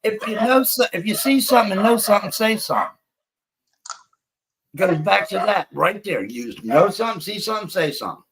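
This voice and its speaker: A man's voice: high-pitched, animated, fairly quick, gravelly, fairly bright tone, low-quality recording. A middle-aged man hosting a livestream, ranting bluntly and profanely with many restarts. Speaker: livestream host. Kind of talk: ranting live commentary.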